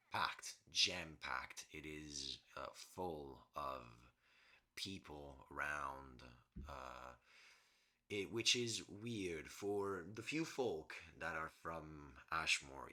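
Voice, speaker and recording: Man, very deep voice, bright tone, game master narrating a tabletop game, relaxed, halting. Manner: relaxed, hesitant, many restarts.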